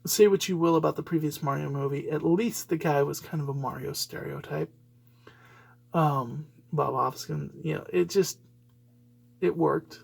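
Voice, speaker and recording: A man's voice: fairly high pitch, normal speed, gravelly, breathy edge. A man hosting a solo podcast, giving rambling, opinionated commentary full of fillers and restarts. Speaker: podcast host.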